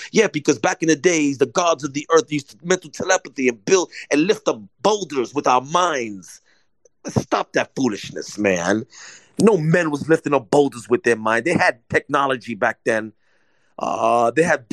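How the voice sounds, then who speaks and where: A man's voice: mid-range voice, no echo, low-quality recording. A man preaching an informal sermon, emphatic and repetitive, often checking whether listeners are following. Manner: emphatic, repeats points, asks listeners if they follow. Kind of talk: conversational sermon teaching.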